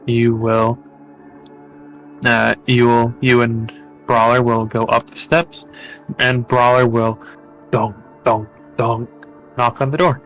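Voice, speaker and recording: A man narrating as game master in a tabletop game, halting often with fillers and restarts. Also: medium pitch, level tone, fairly bright tone, faint music behind.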